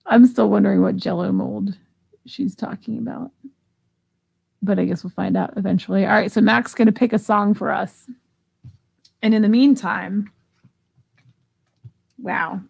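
A woman's voice: mid-range voice, normal speed, creaky, pauses often, husky. A woman hosting a live online auction, chatting casually and giggling as she reads out bids. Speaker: live sale host.

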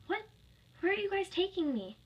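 A woman's voice: very high-pitched, sing-song, moderate pace, highs cut off, background noise, voice pushed up. A woman voicing a frightened but loyal young woman in a storybook, asking shaky, pleading questions.

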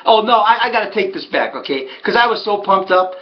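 Animated male storyteller, lo-fi recording. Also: high-pitched, brisk. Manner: animated, emphatic, repeats for effect. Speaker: harness horse trainer. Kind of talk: casual spoken storytelling. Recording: dull lo-fi recording.

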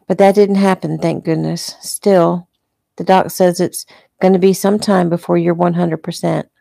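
A woman voicing a worried, loving young wife at a hospital bedside, speaking gently and reassuringly. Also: lowish voice, flat delivery, moderate pace, vocal fry, dry recording. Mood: caring.

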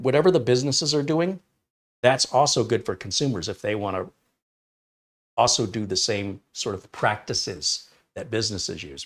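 A man hosting a casual tech live stream, chatting and storytelling at an easy pace. His voice sits a little low, and he breaks into laughter often as he talks. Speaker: tech channel host.

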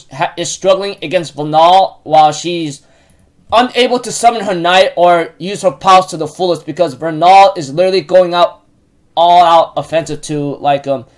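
A man casually recapping a show episode, halting often with fillers and restarts. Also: high voice. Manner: repeats stock phrases while retelling.

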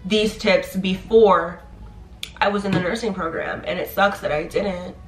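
A young woman in her twenties giving animated, encouraging advice in a casual vlog. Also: mid-range voice, measured pace. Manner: animated, chatty, playful, encouraging. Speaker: nursing graduate vlogger. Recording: echoey room.

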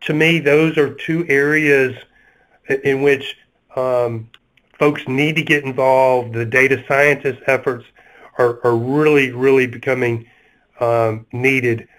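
A man with a Southern US accent talks through a webinar panel. He speaks at a middle pitch, stopping often with fillers and restarts as he gathers his points. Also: steady tone, a bit bright, rough recording. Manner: halting, many fillers and restarts. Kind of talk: webinar discussion.

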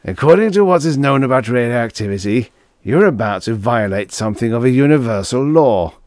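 A man's voice: medium pitch, lively intonation, a little fast, a little mellow, dry recording, clean studio sound, pitched above the performer's own voice, close to an everyday voice. A man voicing a skeptical male physicist who talks in a pointed, cynical way.

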